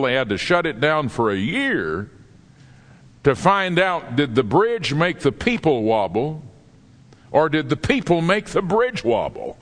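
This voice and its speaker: A male preacher gives an animated sermon, his pitch leaping up and down as he tells stories and stops for dramatic pauses. His voice rings out with a long, hall-like reverb, as if he is recorded in a large church sanctuary.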